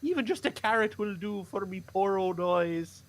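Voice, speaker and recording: Man playing a timid starving boy, high and swooping, pleading for scraps. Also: animated, normal speed, a bit bright. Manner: pleading, whimpering and meek. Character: starving frightened poor peasant boy.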